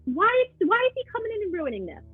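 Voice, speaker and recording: A woman's voice: very high-pitched, wildly swooping pitch, quick pace, no echo, soft background music. Woman player over a tinny line. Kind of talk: casual tabletop game chat.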